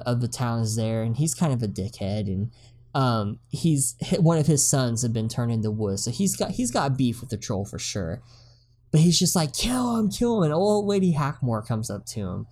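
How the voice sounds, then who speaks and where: Deep-voiced woman rambling through a movie recap. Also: dark tone. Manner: rambling, with many fillers and laughs. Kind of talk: casual chat recapping a movie.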